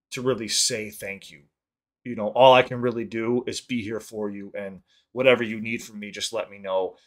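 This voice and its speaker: A man hosting a music reaction video, talking casually in an excitable, rambling way and swearing freely. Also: mid-range voice.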